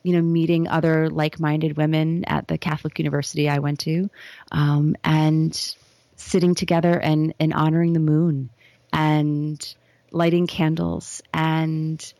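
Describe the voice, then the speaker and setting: A woman speaking as an interview guest, leading a slow, soft guided visualization with some words whispered, then talking casually. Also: low voice, little pitch movement, no room sound.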